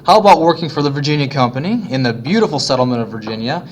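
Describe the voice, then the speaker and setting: A man's voice: medium pitch, animated, fast talker, slight background noise, close to an everyday voice. A man putting on a bad British accent to voice a wealthy Englishman. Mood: pitching. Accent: put-on British. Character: wealthy male Englishman, pompous recruiter.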